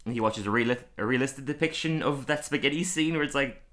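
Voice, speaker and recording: A man's voice: mid-range voice, fast, fairly bright tone. A man co-hosting a casual podcast, rambling and laughing often as he talks. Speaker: podcast co-host. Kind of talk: casual chat.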